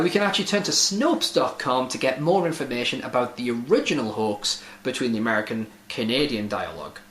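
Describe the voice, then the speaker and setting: Lively sardonic man. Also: medium pitch. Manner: sardonic, swears casually. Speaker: host. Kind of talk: casual online commentary. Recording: roomy echoey room.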